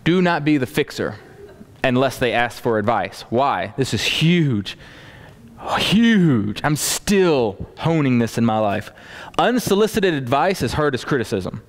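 Animated male preacher, lively pitch. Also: unhurried. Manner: animated preaching, acting out quoted dialogue. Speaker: pastor. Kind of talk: sermon.

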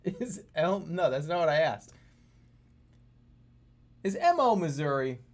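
A man streaming a geography guessing game, talking to his chat in a jokey, animated way. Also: fairly high pitch, slow. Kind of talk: casual live-stream commentary.

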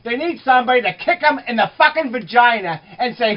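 A woman arguing heatedly, swearing and shouting at the people around her. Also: fairly high pitch, lively intonation, brisk, few pauses. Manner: profane, shouting, combative. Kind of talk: heated argument. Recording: muffled lo-fi recording.

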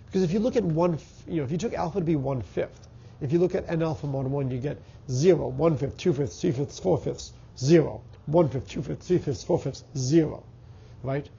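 A man's voice: fairly high pitch, a little fast, vocal fry, dark tone, breathy edge, lo-fi sound. A middle-aged man with a Boston accent and a stuffy, congested voice, giving a university math lecture and thinking aloud with fillers and restarts. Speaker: math professor. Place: lecture hall.

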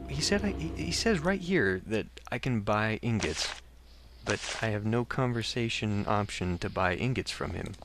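A man's voice: on the low side, lively intonation, normal speed, heavy background noise. A man hosting a let's play, giving casual, wry commentary and reading game text aloud.

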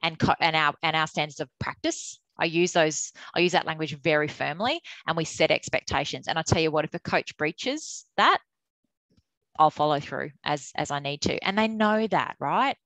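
A middle-aged woman, an umpires manager giving a candid, animated webinar talk. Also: low-pitched, normal speed, no echo, poor audio. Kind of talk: webinar presentation.

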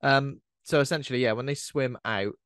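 A man's voice: medium pitch, a little fast, fairly bright tone, no room sound, studio quality. A man co-hosting a casual podcast, chattily retelling a horror film's plot with lots of fillers. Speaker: podcast co-host. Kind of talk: casual film discussion.

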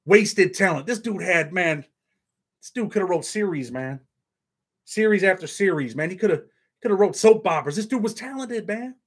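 A man hosting his own online show, talking bluntly and earnestly to his viewers and saying "man" at the end of nearly every line. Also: fairly high pitch. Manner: blunt, heartfelt, says "man" constantly. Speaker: YouTube show host. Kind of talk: casual straight-talking monologue to camera.

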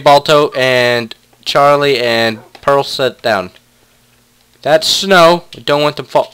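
Young man, let's play commentary, playful, animated pitch, chatting to pets. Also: clean tone. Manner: playful, talks to his pet wolves. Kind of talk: casual game commentary.

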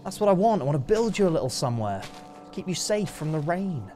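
Young man with a lively, swinging pitch, nervy and excitable, chatting through a game over faint music. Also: quick pace. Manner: jumpy, excitable, talks to his horse, sudden yelps of fright. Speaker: gaming YouTuber. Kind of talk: live gameplay commentary.

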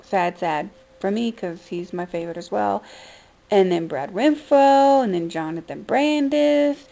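A woman's voice: mid-range voice, animated, unhurried, vocal fry, dark tone, low-quality recording. A woman vlogger talking in an upset, profane rant, shocked and ranting. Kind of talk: emotional vlog rant.

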